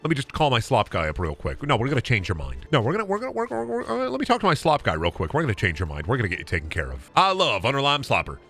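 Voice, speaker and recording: A man's voice: medium pitch, huge pitch swings, rapid-fire, hardly any pauses, fairly bright tone, faint music behind, voice pushed down, heavily acted. A man voicing a pushy, shady male salesman hawking slop with hard-sell patter. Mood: hushed scheming.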